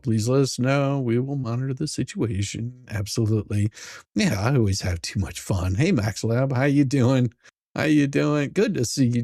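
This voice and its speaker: A man's voice: mid-range voice, vocal fry, mellow, no echo, studio quality. A middle-aged man hosting a live stream, casually greeting chatters by name and chuckling often. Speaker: livestream host.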